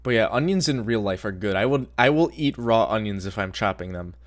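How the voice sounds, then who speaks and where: Male streamer, casual rambling commentary, lively pitch, profane. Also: brisk. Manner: rambling, swearing, excitable.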